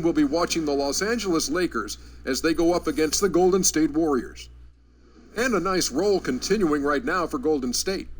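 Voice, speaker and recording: A man playing a studio host opening a pregame basketball show in a video game, brisk and upbeat. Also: a little high. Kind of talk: sports broadcast hosting.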